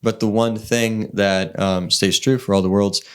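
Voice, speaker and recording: A man's voice: fairly low pitch, flat delivery, measured pace, clear, resonant tone. A man co-hosting a podcast in casual chat, rambling with lots of fillers and restarts. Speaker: podcast co-host.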